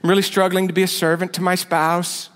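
A pastor mocking a whiny churchgoer. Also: male voice, high-pitched, little pitch movement, a little fast, fairly bright tone. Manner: whining, breathy sighs, repeating himself. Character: whiny, self-absorbed churchgoer complaining of struggles. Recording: long reverb of a big hall.

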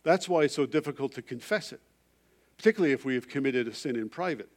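Middle-aged guy pastor preaching, storytelling, gets loud then goes real quiet. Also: mid-range voice, expressive, fast. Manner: storytelling, shifting from loud emphasis to hushed confession. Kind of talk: sermon.

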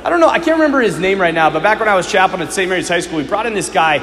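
A Catholic priest delivers a sermon with a high voice that leaps and falls expressively. He tells stories with animation, builds to fervent appeals, and sinks to hushed questions. The sound rings with the long reverb of a large church. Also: expressive, very fast.

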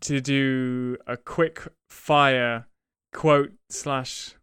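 A slow, deliberate man co-hosting a casual podcast, explaining a point with frequent ums. His voice is very smooth and clear. The recording is dry and close, with no room sound. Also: medium pitch, fairly even intonation, a bit bright, no room sound. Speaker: podcast co-host. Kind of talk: casual chat.

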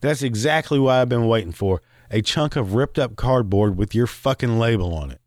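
Male podcast host, angry profane rant, mid pitch, dead-dry close mic. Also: expressive, moderate pace, dry recording. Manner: angry, swearing, rambling with laughs.

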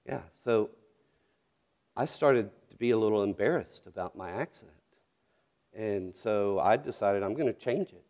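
A man's voice: fairly low pitch, measured pace, pauses often, darkish tone. A middle-aged man from North Carolina, a pastor preaching a sermon with storytelling and earnest questions.

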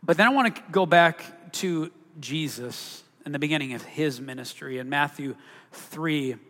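A man's voice: a little high, moderate pace, a bit bright. Preaching man in a reverberant hall. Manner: conversational preaching, rhetorical questions to the congregation. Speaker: pastor. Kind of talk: sermon.

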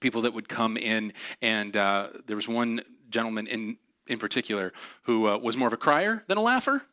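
A man's voice: lowish voice, expressive, normal speed, sharp tone. A man telling a personal story in a chatty, self-deprecating way, with many fillers.

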